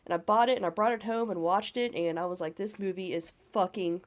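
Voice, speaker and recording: A woman's voice: mid-range voice, fast talker. Female co-host with a cold, nasal and scratchy, eager and profane. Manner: enthusiastic, swearing. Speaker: podcast co-host. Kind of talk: casual podcast chat.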